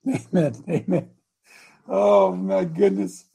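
A man's voice: sits high, slow pace, gravelly, warm tone, breathy edge. A man hosting an online group, telling a rambling story with many restarts. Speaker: host.

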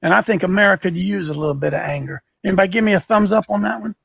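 A man with a strikingly high, gravelly voice hosts a talk show, firing off combative rhetorical questions in a preachy tone. His voice is husky and the sound is close and dry. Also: rapid-fire, a bit bright, dry recording, dull audio. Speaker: talk show host and coach. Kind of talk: fiery commentary with a call-in feel.

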